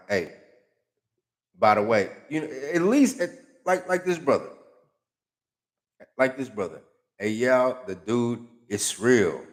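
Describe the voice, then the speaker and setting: A man reading out and mocking comments in casual, profane commentary, with heavy slang and a sarcastic, animated delivery. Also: low-pitched. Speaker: YouTube commentator.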